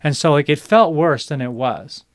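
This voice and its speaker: A man co-hosting a podcast, telling a story in a relaxed, chatty way with quoted dialogue. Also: fairly high pitch, moderate pace, no room sound, clean studio sound. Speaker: podcast co-host. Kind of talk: casual storytelling chat.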